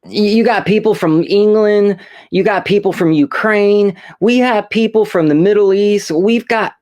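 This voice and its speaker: A man's voice: high voice, a little slow, a little mellow. Man, host, rambling storyteller, casual chat, repeats himself.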